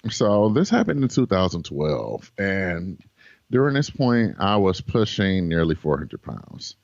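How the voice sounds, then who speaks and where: A man with a very low voice tells a long story as an interview guest. He acts out the quoted lines with energy. The sound is dull and lo-fi, recorded in a dry space. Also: measured pace, creaky, no room sound. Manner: animated, acts out quoted dialogue. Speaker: guest, runner.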